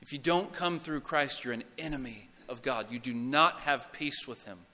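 Bright-voiced preacher in a reverberant hall. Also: male voice, medium pitch, normal speed. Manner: emphatic preaching, repeating phrases, dropping to a hush on key words. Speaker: pastor. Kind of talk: sermon. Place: church sanctuary.

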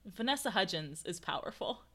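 A woman's voice: medium pitch, expressive, normal speed, noisy background. A young woman co-hosting a podcast in casual chat, giggly and playfully acting out quotes. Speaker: podcast co-host.

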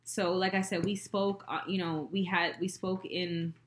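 A woman co-hosting a candid casual chat, telling stories in an animated, profane way. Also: on the low side, a little slow, reverberant, slight background noise.

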